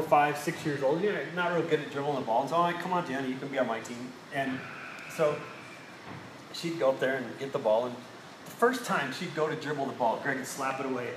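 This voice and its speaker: Background noise is heavy as this mid-range male pastor delivers his sermon. He tells stories and throws rhetorical questions at the congregation, all within an echoey hall carrying faint ambience.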